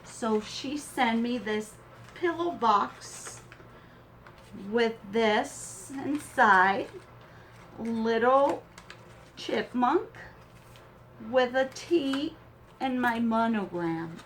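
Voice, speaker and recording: A woman's voice: fairly high pitch, fairly bright tone, slight background noise. A woman hosting a crafting channel, opening a swap gift and gushing over it with teary gratitude and awe. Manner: gushing, slow and tearful with awe.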